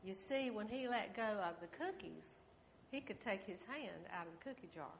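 An older woman leads a children's sermon in a church. She tells the story gently at a middle pitch and stops often to ask the children questions. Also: animated, normal speed, vocal fry, a little hiss or hum. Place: church sanctuary.

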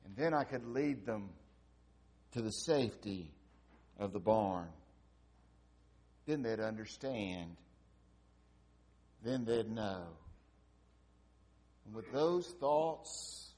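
A man preaching a sermon with dramatic storytelling, swinging between loud exclamations and hushed passages. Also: fairly low pitch, animated, takes it slowly, long pauses, breathy edge. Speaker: pastor.

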